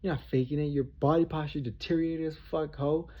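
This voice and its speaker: A man's voice: on the high side, steady tone, fairly quick. Man ranting profanely, dull lo-fi sound. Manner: profane, confrontational, repetitive. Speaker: vlogger. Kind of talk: heated monologue rant. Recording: dull lo-fi recording.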